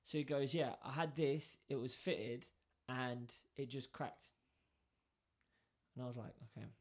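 A man with a mid-range voice speaks a little slowly as he tells a workplace story in casual chat. Animated, he takes on both roles in the dialogue.

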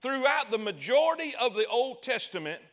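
A man preaching a sermon in a folksy, conversational way, repeating words and acting out scenes with excitement. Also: very high voice, moderate pace.

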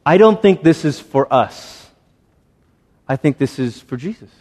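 A man's voice: fairly high pitch, lively intonation, a little slow, a little mellow, in a large hall. A man preaching a sermon in a conversational way, acting out little voices as he goes. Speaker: pastor.

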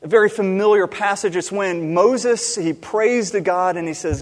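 A man preaching a sermon in a church, animated, swinging between loud emphasis and quiet asides. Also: sits high, normal speed. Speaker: pastor. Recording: long reverb in a large hall.

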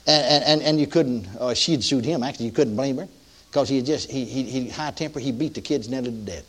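A man's voice: medium pitch, fairly quick. An older man preaching a sermon, telling a story in a folksy way, with many restarts and emphatic peaks.

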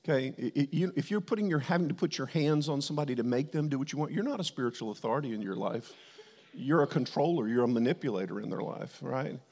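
A middle-aged man preaching a sermon, telling a candid personal story and breaking into loud quoted outbursts. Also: mid-range voice, lively intonation, fast talker. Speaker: pastor. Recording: long hall reverb.

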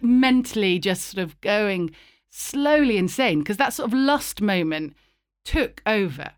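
Animated woman telling stories. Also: medium pitch, measured pace, clean tone, no echo, clean studio sound. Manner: animated, acts out voices in anecdotes. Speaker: guest, actor and writer. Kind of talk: casual interview storytelling.

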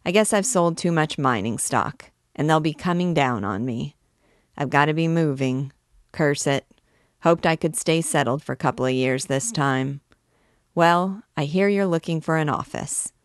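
A woman's voice: sits low, a little slow, dry recording, clean studio sound. A woman voicing a shifty small-town male swindler who talks in a confidential, wheedling way.

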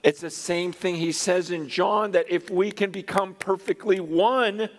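A man preaching a sermon, telling stories with animated swings between loud exclamations and hushed, quiet moments. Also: high-pitched, measured pace. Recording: long hall reverb.

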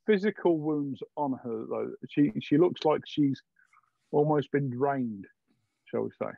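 A man narrates a tabletop adventure as game master, his voice gravelly and a little husky. He pauses and hedges as he describes each scene. The sound is dull and lo-fi, yet dry and close. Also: fairly high pitch, no echo. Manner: halting, filler-heavy descriptive narration.

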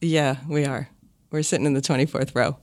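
A woman's voice: rumbling low, a little fast. A middle-aged woman co-hosting a podcast, chatting casually and giggling through her stories. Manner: giggly, chatty, animated storyteller. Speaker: podcast co-host, mother. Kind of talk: casual family chat.

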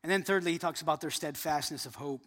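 A man in his thirties preaching a sermon, earnest, building to emphatic points and then dropping soft. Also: on the high side, fast, in a large hall. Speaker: pastor.

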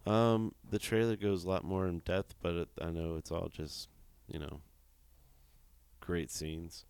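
Chill guy co-hosting a podcast, lowish smooth voice, laughs easy. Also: little pitch movement, measured pace, a little mellow, dry recording. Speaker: podcast co-host. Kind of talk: casual chat.

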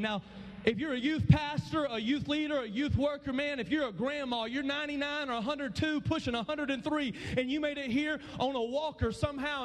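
A man speaking at a youth event, preaching with high energy and shouting playful calls to a live crowd in a large hall.

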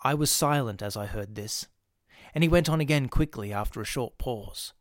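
A man narrating a ghost story in a measured, steady reading. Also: medium pitch, no echo, clean studio sound.

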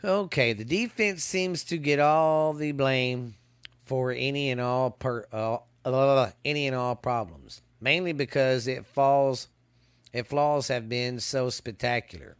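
A man talks through a college football preview at an unhurried pace, often tripping over his words and starting lines again. His voice comes across smooth and clear, and the recording is dry and close. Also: mid-range voice, dry recording. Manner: halting, stumbles and restarts while reading stats. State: hiccups. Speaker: podcast host. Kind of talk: casual sports preview commentary. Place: hot outdoors.

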